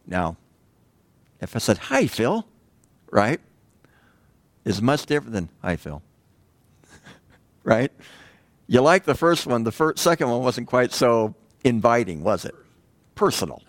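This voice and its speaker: A man preaching a sermon in a conversational way, pausing often and asking the congregation rhetorical questions. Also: medium pitch, sing-song, dry recording. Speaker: pastor.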